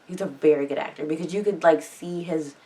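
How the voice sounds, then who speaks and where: A woman's voice: low-pitched, a little fast, dark tone, distant mic. A woman hosting a reaction video, chatting casually and rambling with lots of filler words.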